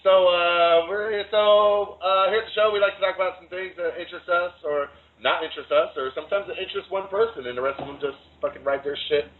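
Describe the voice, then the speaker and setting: A man's voice: high voice, fairly quick, few pauses. A man hosting a casual podcast with friends, swearing and laughing through his banter. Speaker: podcast host. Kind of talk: casual chat. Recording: tinny phone-like audio with faint noise.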